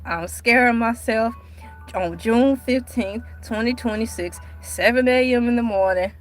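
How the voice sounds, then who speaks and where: A woman chatting casually on her livestream, animated and dramatic, with sudden cries and mock outrage. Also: a little high, a little slow, soft background music. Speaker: livestream host.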